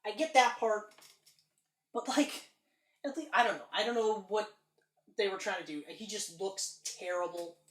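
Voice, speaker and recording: A woman co-hosting a podcast, reviewing a film in casual chat, animated and emphatic, acting out lines and swearing freely. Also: mid-range voice. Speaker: podcast co-host. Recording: roomy echo.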